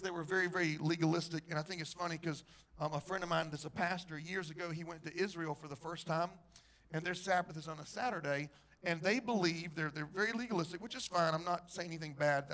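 Male pastor with a high voice, lively preaching that quizzes the congregation. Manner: animated preacher, asks the congregation questions. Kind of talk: sermon.

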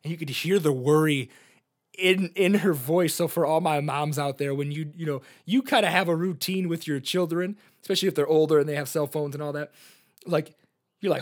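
A man's voice: a little high, normal speed, long pauses. A man in his thirties hosting a podcast, telling personal stories in an earnest, open-hearted way. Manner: earnest, open about feelings, storytelling with fillers. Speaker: podcast host. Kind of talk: personal reflective monologue.

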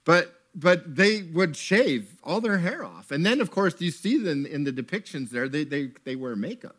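Man, preacher, sermon, tent gathering, animated storyteller, slightly high voice. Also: normal speed. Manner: animated storytelling, acts out characters. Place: tent with an audience.

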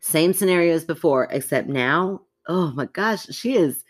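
A woman co-hosting a podcast, reading a listener's story aloud in an animated, chatty way and breaking off to react. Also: low voice, normal speed. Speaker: podcast co-host.

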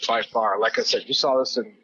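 A man's voice: medium pitch, steady tone, a little fast, pushed and bright, breathy edge, no echo, muffled recording. A man co-hosting a casual podcast, reacting and asking questions about a film. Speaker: podcast co-host. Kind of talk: casual movie chat.

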